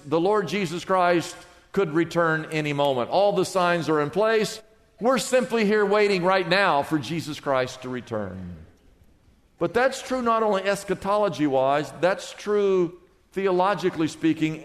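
A high-pitched male pastor preaches an emphatic sermon, throwing questions out to the congregation. His voice rings with a long reverb from the church sanctuary.

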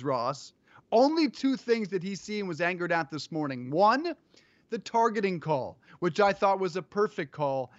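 High-voiced, opinionated sports talk host. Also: male voice, no room sound, lo-fi sound. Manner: direct, opinionated. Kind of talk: sports talk show chat.

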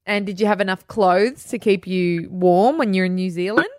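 A woman co-hosting a radio show, chatty and quick to laugh. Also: mid-range voice, dry recording, clean studio sound. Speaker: radio co-host. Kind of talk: playful radio banter.

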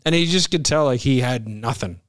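A man's voice: medium pitch, a little fast, smooth, dry recording, studio quality. A man hosting a casual podcast chat, telling stories animatedly and acting out the people he quotes with bursts of laughter. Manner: animated storyteller, acts out quoted voices with laughs. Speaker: podcast host.

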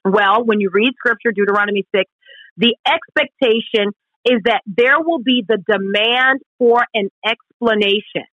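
A woman's voice: on the high side, moderate pace, no echo, highs cut off. A woman co-hosting a Christian radio talk show, explaining Scripture in an earnest, emphatic way. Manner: earnest, emphatic, acts out quoted questions. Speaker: radio co-host.

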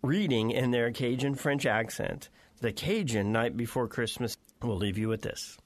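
A man hosting a radio show, chatting casually and telling stories in an animated way. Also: medium pitch, moderate pace, dry recording. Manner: animated storytelling. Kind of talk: casual chat. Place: radio studio.

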